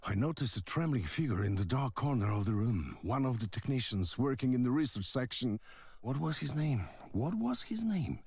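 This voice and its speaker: Game audio log: a haunted old ship captain, low gravelly rasp, lively inflection, dry close sound. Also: male voice, dry recording, heavily acted. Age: older. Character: older male ship captain, haunted and weary. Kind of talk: video game voice acting.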